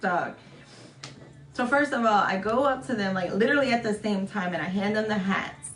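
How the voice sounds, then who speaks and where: At a normal speed and with a slightly bright voice, a young woman vlogger recounts a story to camera, chatty and casual. She curses often, mocks herself, and performs quotes in high voices. Faint music plays in the echoey room.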